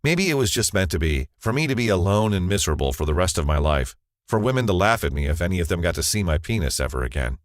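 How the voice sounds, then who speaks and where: A man's voice: low voice, big pitch swings, fast talker, no room sound, clean studio sound. A man narrating a scripted first-person advertisement as a confessional story.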